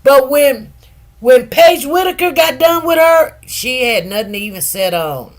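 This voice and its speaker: Animated, gossipy woman commentator. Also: high-pitched, a little slow. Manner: animated, gossipy, laughs often, acts out quotes. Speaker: news commentary host. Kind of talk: casual commentary.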